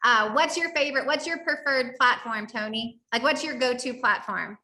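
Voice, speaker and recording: A woman's voice: a little high, moderate pace, sharp tone, echoey room. A woman with a Southern accent hosting a podcast interview, effusive and casual, often saying "y'all". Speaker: podcast host.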